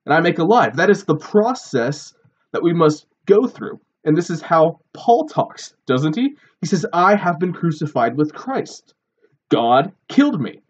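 A man's voice: on the high side, a little mellow, slightly rough. Guy teaching a bible sermon, earnest, asks lots of questions, kinda muffled recording. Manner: earnest, explanatory, rhetorical questions. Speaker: preacher.

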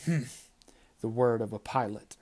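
A man reading an audiobook, voicing a proud, weary male sky god who speaks in a measured, accusing way. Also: medium pitch, darkish tone, lightly acted. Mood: skeptical.

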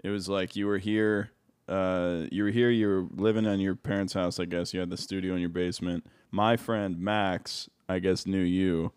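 A young man with a very low voice co-hosts a podcast, chatting in an easygoing, teasing way. The sound is dry and close, with little room in it. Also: fairly even intonation, normal speed, darkish tone, smooth, no room sound. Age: young adult. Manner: easygoing, laughs along, teasing. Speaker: podcast co-host. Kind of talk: casual chat.

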